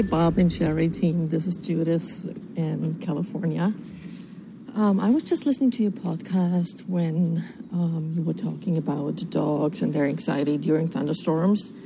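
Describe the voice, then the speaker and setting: A woman caller leaving a recorded message, explaining calmly with lots of hesitant ums. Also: low voice, creaky, noisy background. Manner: hesitant, many filler ums, calm explaining tone.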